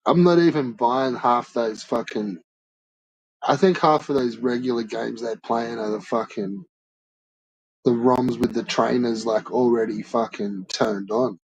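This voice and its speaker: A man's voice: mid-range voice, fairly even intonation, unhurried, poor audio. A man streaming and ranting to his chat in a blunt, profane, swear-filled way. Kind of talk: casual rant to chat.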